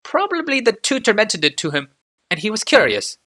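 A man voicing an anxious, deferential male servant in an audiobook reading, his voice pushed high and strained. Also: wildly swooping pitch, brisk, pushed and bright, exaggerated voice. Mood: nervous.

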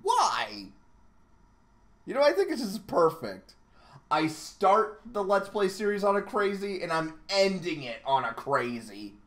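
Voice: mid-range voice, wildly swooping pitch, unhurried. Playful let's-play commentator. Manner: playful, self-mocking, rambling asides. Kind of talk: gameplay commentary. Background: game music.

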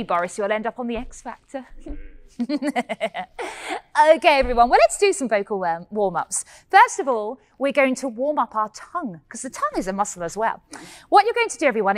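A woman playing a bubbly fairy-tale heroine. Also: a little high. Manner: bubbly, giggly, sing-song, addresses children. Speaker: pantomime performer teaching children. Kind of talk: pantomime children's vocal lesson. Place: indoor hall.

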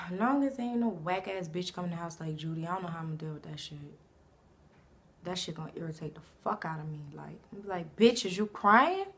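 A young woman in her twenties from Savannah, Georgia, talking brashly and profanely about herself to camera, breaking into loud bursts. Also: on the low side, a little fast. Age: 20s. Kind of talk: casual self-introduction to camera.

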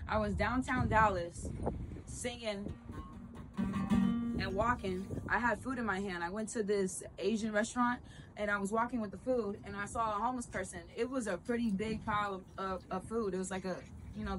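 A woman from Arizona, a musician and street evangelist, talking in a fervent, preachy casual vlog outdoors by a store. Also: mid-range voice. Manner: fervent, preachy, says things loudly. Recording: outdoor street noise with traffic.

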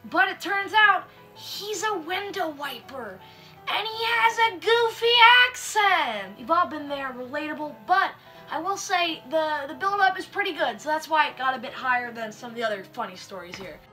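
Young woman host, sharp high voice, sarcastic slangy deadpan delivery, faint music behind. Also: normal speed. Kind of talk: comedic story review.

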